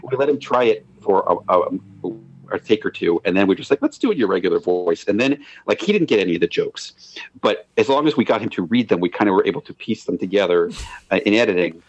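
A man's voice: fairly low pitch, animated, fast talker, lo-fi sound. A man telling behind-the-scenes stories in an interview, rambling with restarts and laughs. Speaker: guest, animated show co-creator. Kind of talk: anecdotal interview storytelling.

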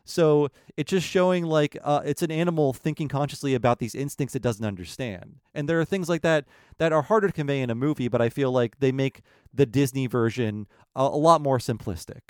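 A man hosting a podcast, telling a story in a lively way and acting out the quotes. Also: medium pitch, fairly quick, few pauses, clean tone, dry recording, clean studio sound. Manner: animated storyteller, acts out quotes. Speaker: podcast host. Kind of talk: casual podcast chat.

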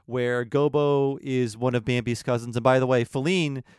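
Man, podcast host, casual chat, animated storyteller, smooth clear voice, dry close sound. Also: medium pitch, moderate pace, no echo. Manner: animated storyteller, acts out quotes.

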